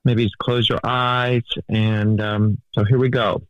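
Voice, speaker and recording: A man's voice: lowish voice, level tone, a little slow, no room sound, muffled recording. A man leaving an awkward voicemail and shyly reading a poem he wrote. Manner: hesitant, bashful, reads a poem.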